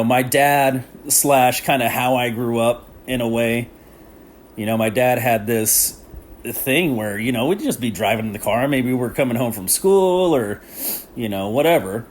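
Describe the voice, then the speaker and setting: A man's voice: medium pitch, slight background noise. A man hosting a casual solo podcast, rambling and laughing often as he talks with lots of slang. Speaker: podcast host.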